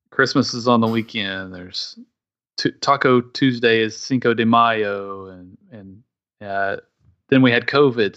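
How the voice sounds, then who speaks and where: A man's voice: on the low side, a bit bright, dull audio. A man chatting on a casual podcast, rambling and hesitant with many fillers. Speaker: podcast co-host and quiz contestant.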